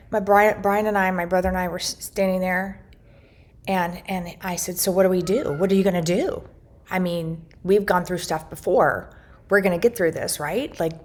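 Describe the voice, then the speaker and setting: A woman's voice: lowish voice, a little mellow. A middle-aged woman telling her family's story earnestly, retelling conversations and often restarting her sentences. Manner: earnest, recounts dialogue, frequent restarts. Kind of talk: personal storytelling to camera.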